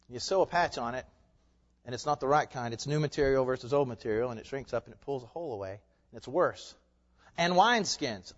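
A male pastor preaching an impassioned sermon, firing off rhetorical questions and swinging between hushed and loud passages. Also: mid-range voice, expressive, fairly quick. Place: church sanctuary. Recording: dull lo-fi recording with long hall reverb.

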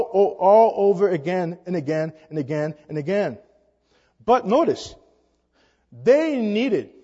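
In this sermon, a man with a high, dark, husky voice preaches emphatically, often stumbling over halting fillers and lifting his pitch on every rhetorical question. The audio is dull and drenched in long hall reverb.

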